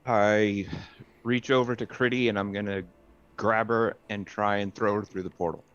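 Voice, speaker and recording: A man with a low voice plays a tabletop game, talking haltingly as he works out his move. His audio is dull and lo-fi. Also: steady tone, fairly bright tone, clear, resonant tone. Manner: hesitant, thinking aloud. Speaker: player.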